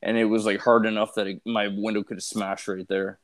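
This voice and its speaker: A man's voice: on the low side, level tone, brisk. A man in his thirties telling stories bluntly in a casual chat, swearing freely. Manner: blunt, profane storytelling.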